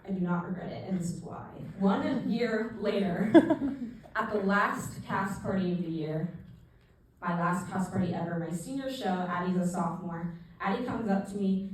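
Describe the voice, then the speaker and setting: A young woman doing stand-up, telling a self-mocking story in a deadpan way with pauses. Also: medium pitch. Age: young adult. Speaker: stand-up comedian. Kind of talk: stand-up set. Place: small theater stage with live audience. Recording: echoey room, distant mic, audible noise.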